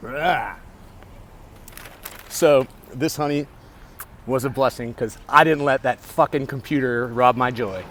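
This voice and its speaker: A man's voice: mid-range voice, slow, pauses often, a bit bright. A man telling a rambling, profane story to his camera during a bike ride in the city, full of restarts and self-talk. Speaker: vlogger. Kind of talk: casual storytelling vlog. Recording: outdoor city noise behind.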